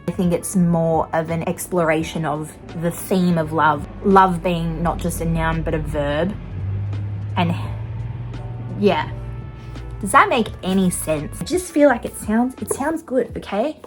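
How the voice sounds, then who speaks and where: A woman's voice: lowish voice, low-quality recording. A young woman vlogging about bookshops in a chatty, musing way, laughing now and then. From Australia. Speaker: book vlogger. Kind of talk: casual vlog narration. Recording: faint music underneath.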